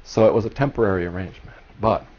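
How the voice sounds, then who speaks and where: Speaking fast in a lowish register, this man from Cuba, now in his sixties, is a historian addressing a seminar. He recounts his story with earnest passion. The seminar room comes through on a dull, lo-fi recording.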